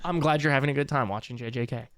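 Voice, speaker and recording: Speaking very fast in a mid-range, fairly bright voice, this man rambles and curses through casual live-stream commentary, bouncing between a clip he's reacting to and his chat.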